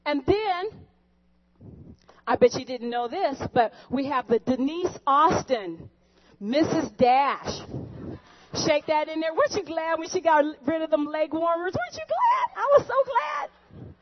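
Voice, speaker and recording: A woman's voice: high voice, a little slow. A woman hosting a comic cooking show skit, chatty and joking with the viewers. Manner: chatty, jokey, talks to viewers. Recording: dull lo-fi recording.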